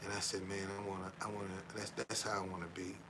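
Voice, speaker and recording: A deep, flat voice delivered at a quick clip comes through over background noise. The speaker, a middle-aged former van driver who now guides tours, rambles casually on a livestream, repeating himself, adding "man" to his lines, and preaching sincerely about honesty.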